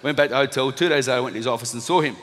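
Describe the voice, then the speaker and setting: Racing along in a mid-range voice, a motivational speaker in his thirties with an Australian accent, once a boxer, delivers a lively anecdote to a live crowd. He acts out what the people in it said and laughs at himself as the hall reverberates.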